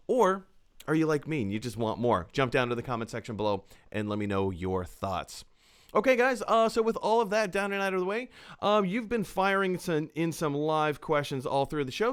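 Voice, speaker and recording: A man's voice: a little high, smooth. A man hosting a casual film-chat show, talking in an upbeat, chatty way with plenty of fillers. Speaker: host.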